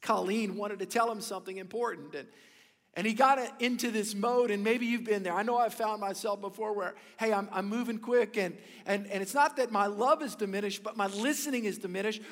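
A pastor with a high voice delivers a brisk sermon, moving between loud emphasis and quiet, intimate asides. A long church reverb carries his words.

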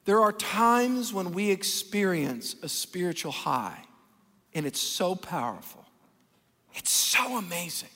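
A man preaching a sermon as pastor, animated and folksy, acting out the people he talks about. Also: high voice, slow. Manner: animated, folksy, acts out Bible characters. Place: large church hall. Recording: long reverb of a church hall.

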